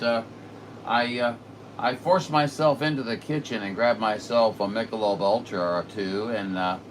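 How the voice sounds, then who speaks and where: A radio operator with a lowish, fairly bright voice chats casually, rambling in a folksy way with plenty of fillers. He's picked up by a distant mic in a noisy room.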